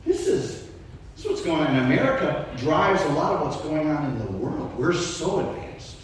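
Male pastor preaching with a lively, swinging delivery in a reverberant church, mic set a little far off. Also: a little high, moderate pace, a little hiss or hum. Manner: animated preaching, voice rising and dropping. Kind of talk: sermon.

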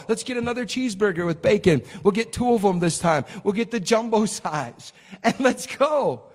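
Preacher guy with a high voice, chatty sermon that keeps going "right?" and breaks into shouting, big echoey church. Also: expressive, normal speed. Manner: chatty storytelling that bursts into shouted exclamations; keeps asking the crowd "right?". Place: church sanctuary. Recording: long hall reverb.

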